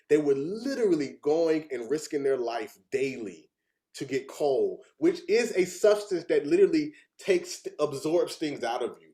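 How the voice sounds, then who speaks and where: A man's voice: medium pitch, darkish tone. A young adult man giving a heartfelt personal presentation, earnest and fighting back tears at times. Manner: earnest, chokes up with emotion.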